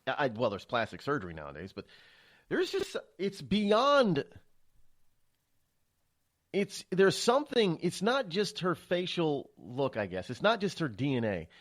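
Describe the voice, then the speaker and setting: Male radio host, solo monologue, rambling and stammery, lively pitch that swings up and down. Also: measured pace. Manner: rambling, with frequent restarts and stammers; animated, emphatic delivery.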